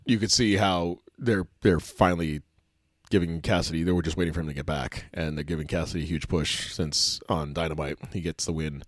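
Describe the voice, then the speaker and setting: A man co-hosting a casual chat show, excitable and halting, full of fillers and restarts. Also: deep voice, no room sound, studio quality. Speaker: podcast co-host.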